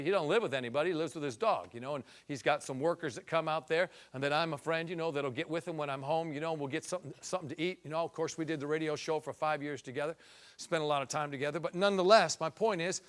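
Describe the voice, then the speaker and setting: High-voiced man preaching a folksy testimony. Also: a bit bright. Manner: folksy, rising to fervent emphasis. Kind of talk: storytelling testimony sermon.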